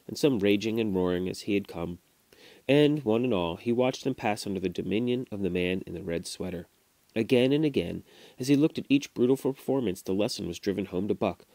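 A man reading a classic novel aloud to his children, at a steady storytelling pace with small restarts. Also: lowish voice, no echo. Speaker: father reading to his kids. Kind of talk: audiobook narration. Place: home recording.

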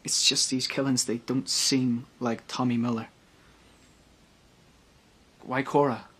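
Detective on a murder case, mid pitched voice, brisk then searching. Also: male voice, level tone, fairly bright tone, husky. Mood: troubled. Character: troubled detective hunting a killer. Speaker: police detective.

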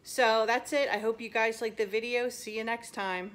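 In this instructional video, a female dog trainer runs an obedience session at home, cheerfully and warmly walking through each step. She speaks at normal speed in a slightly high voice with a steady tone.

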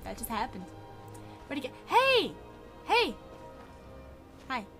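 A woman's voice: high voice, wildly swooping pitch, takes it slowly, sharp tone, faint music behind. A woman hosting a playful let's-play commentary, chatty and giggly, talking to the characters in the game. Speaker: gaming channel host.

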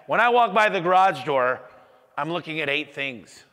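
Energetic man giving a business talk. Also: a little high, moderate pace. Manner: energetic, acts out customer dialogue. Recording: echoey hall.

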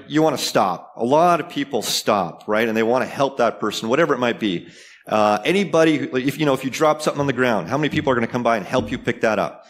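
Man from Canada, mid-pitched, talking casually at a conference, lots of "um" and "right?". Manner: casual, conversational, frequent fillers and tag questions. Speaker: conference speaker. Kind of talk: conference talk. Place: conference hall.

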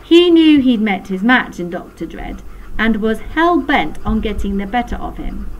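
A woman slowly reading a children's story aloud, with playful sound effects. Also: medium pitch, a little mellow, slight background noise, rough recording.

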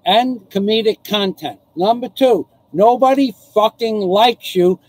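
A man's voice: high-pitched, a little slow, a little mellow, no echo, poor audio. A man hosting a casual live stream, chatting with viewers, laughing often and ranting with profanity. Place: home in the Philippines.

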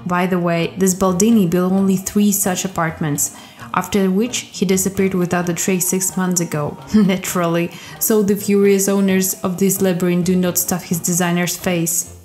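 A woman's voice: lowish voice, level tone, normal speed. A woman narrating short stories as a storyteller, reading all the characters herself in lightly changed voices. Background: soft background music.

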